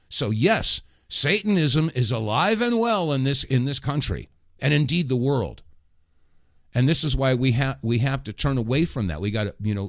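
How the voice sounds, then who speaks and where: A middle-aged man hosts a political talk radio show, giving a rambling, impassioned monologue punctuated by sudden loud outbursts. His voice is mid-range, and the studio-quality recording has no echo.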